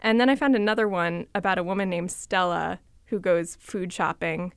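Woman reporter, conversational radio storyteller, lively and chatty, close dry mic. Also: fairly low pitch, brisk, hardly any pauses, no room sound.

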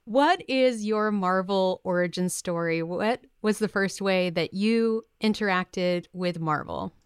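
A woman's voice: mid-range voice, takes it slowly, smooth. Bubbly woman co-hosting a podcast. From Hudson Valley, New York. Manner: bubbly, excitable, reads listener mail. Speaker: podcast co-host. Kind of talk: casual podcast chat.

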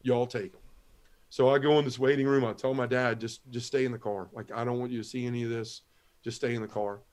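A man's voice: medium pitch, flat delivery, fast talker, darkish tone. A middle-aged man giving an earnest personal testimony as a guest on a talk show, telling his story step by step and acting out the lines of others. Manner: earnest storytelling, Southern turns of phrase, acts out quoted lines. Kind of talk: personal testimony in a podcast interview.

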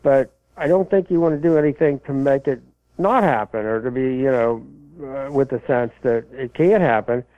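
A mid-range male voice casually responds to college football questions from listeners, meandering and hesitant, full of fillers and restarts. The phone line is tinny and dry, with no room sound.

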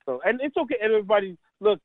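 A middle-aged man with a high voice tells animated, laughing stories as a comedian and caddie on a radio interview. His voice comes through a thin, tinny phone line. The sound is dry, with no room around it. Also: rapid-fire, no echo. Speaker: caddie and stand-up comedian guest.

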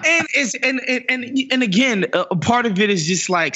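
A man co-hosting a casual political chat, animated and mocking, laughing often. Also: extremely high pitch, normal speed, few pauses, slightly rough. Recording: dull lo-fi audio.

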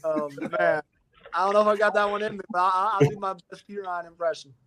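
A young man in his twenties, a football player answering interview questions in a measured, modest way, often restarting his phrases. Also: sits high, a loud crowd. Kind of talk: casual interview.

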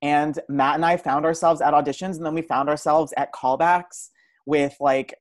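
A man's voice: on the high side, steady tone, normal speed, no room sound. A man in his twenties, a podcast guest chatting casually and telling stories with self-amused flair.

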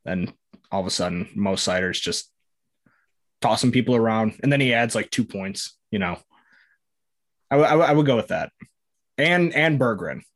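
A man's voice: fairly low pitch, animated, moderate pace, pauses often, a bit bright. Rambling man hosting a hockey podcast. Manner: rambling, joking, lots of fillers. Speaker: podcast host. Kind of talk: casual sports podcast chat.

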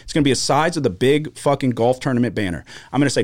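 A man's voice: fast talker, no room sound, studio quality. A man co-hosting a podcast, telling a story in casual, profane chat, his voice jumping up when he gets worked up. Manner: animated storytelling, heavy swearing, pitch jumps when worked up. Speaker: podcast co-host. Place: podcast studio.

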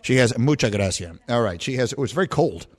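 A middle-aged man hosting a sports radio show, telling stories in a playful, animated way and laughing often. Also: medium pitch, fast, slightly rough. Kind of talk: casual sports radio chat.

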